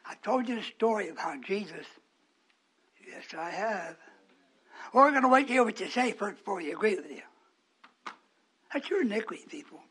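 This preacher's voice sits high and is slightly rough, with lively intonation, normal speed, and long pauses. Addressing his congregation, he shifts from quiet whispers to forceful, raised lines, laughing softly between them.

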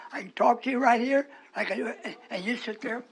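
A man delivers a sermon to his congregation in an extremely high, slightly rough voice at normal speed. He swings between hushed, whispered asides and raised, emphatic lines, chuckling in between.

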